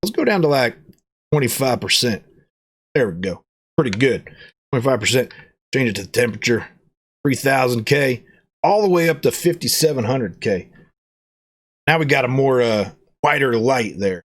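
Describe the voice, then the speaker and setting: A man, reviewing a product in a casual unboxing vlog, joking in a playful cowboy persona with excited jumps in pitch. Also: normal speed, pauses often.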